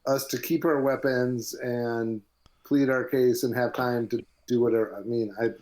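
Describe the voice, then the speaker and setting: A man's voice: medium pitch, level tone, moderate pace, a little mellow, low-quality recording. A man playing in a tabletop game, hesitant and weighing options aloud. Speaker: player. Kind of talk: casual tabletop game chat.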